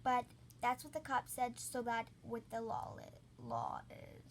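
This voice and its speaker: Woman, storytime host, casual rambling, filler "like", slightly high voice, slow delivery. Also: sing-song, slight background noise. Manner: rambling, heavy use of "like".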